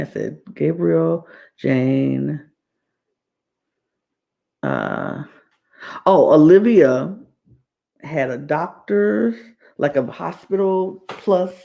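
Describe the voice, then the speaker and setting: A woman hosting a podcast gives a loose, rambling recap of a reality-show episode, circling back to repeat phrases and say things twice. Her fairly low voice has a gravelly, creaky edge, and she draws out her words at a slow, easy pace. The highs in the recording are cut off.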